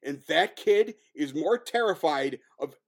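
A man with a high, bouncy voice that swoops up and down, chatting casually about movies. He gets worked up, swears freely and breaks into laughs. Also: measured pace. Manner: excitable, swears often, laughs a lot. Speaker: podcast co-host. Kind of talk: casual film review chat.

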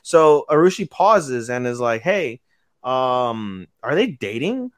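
A man's voice: mid-range voice, very animated, takes it slowly, no room sound, studio quality. A man co-hosting a podcast, casually recapping an episode and acting out the characters' lines with sudden jumps in voice. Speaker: podcast co-host. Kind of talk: casual anime recap chat.

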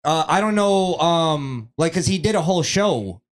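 A man's voice: fairly high pitch, animated, moderate pace. A man co-hosting a podcast in casual chat, rambling loosely and laughing often. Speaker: podcast co-host.

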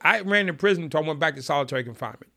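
A man's voice: a little high, very fast, gravelly. A middle-aged man, telling his story in an interview and acting out the people in it. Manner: animated storyteller acting out quotes. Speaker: podcast guest.

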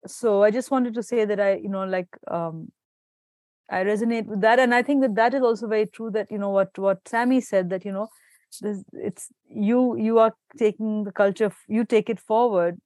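A woman from Pakistan speaks in a relaxed panel conversation, at an ordinary middle pitch. She stops and restarts often while she hunts for the right words. The recording is dry and close, with no room sound. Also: dry recording. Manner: halting, restarting, searching for words.

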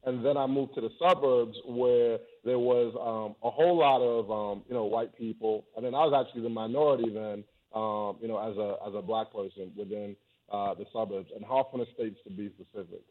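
A man born in England, a guest telling stories in a relaxed, soft-spoken way over a video call. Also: fairly low pitch, fairly quick. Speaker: interview guest, travel YouTuber. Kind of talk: casual remote interview. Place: high-rise home in a city. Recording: tinny phone-like call audio.

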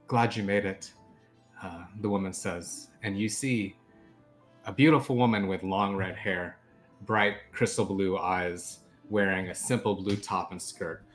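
A man's voice: sits low, fairly even intonation, a little slow, soft background music. A man narrating as game master of a tabletop game, descriptive and loose, with many fillers.

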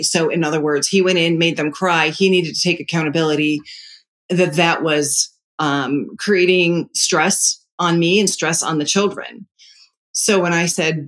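A middle-aged parenting advisor in casual talk, calm and measured, explaining through stories from their own family. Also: mid-range voice.

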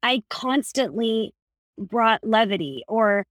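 Animated woman telling personal stories. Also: a little high, slow, no room sound. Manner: animated storyteller, laughs often. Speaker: podcast guest. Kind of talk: casual conversation.

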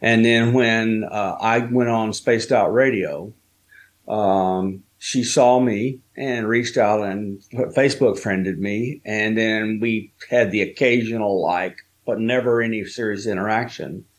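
A man, a guest on an interview show, slowly telling a personal story with many fillers and pauses. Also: lowish voice, fairly even intonation. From Southern United States. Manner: slow, halting storytelling with fillers.

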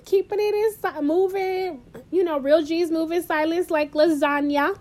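A woman co-hosting a podcast in casual chat, playful and quick with quips. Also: very high-pitched, a little mellow. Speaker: podcast co-host.

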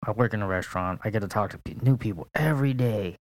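A man's voice: fairly low pitch, quick pace, no echo. A young man co-hosting a casual podcast, laid-back, swearing a lot and laughing often. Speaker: podcast co-host. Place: apartment in St. Petersburg, Florida.

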